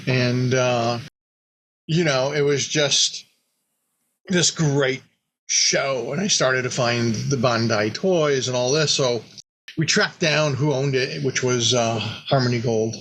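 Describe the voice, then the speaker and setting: A man with a mid-pitched voice tells a long anecdote in a loose, conversational way. He stumbles through restarts and repeated words, then leaps up in pitch to act out what others said. A faint hiss sits under his voice. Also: slow, rough recording. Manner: animated, acts out quoted dialogue with big pitch jumps. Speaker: company founder recounting history. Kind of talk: casual anecdotal storytelling.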